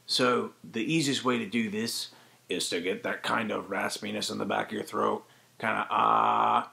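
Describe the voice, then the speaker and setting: A chatty, upbeat man leads a casual voice acting tutorial in a mid-range voice. He talks quickly and loosely, with fillers, and drops into quick demonstrations. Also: lowish voice, lively intonation, creaky, bright, forceful tone. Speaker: voice acting teacher.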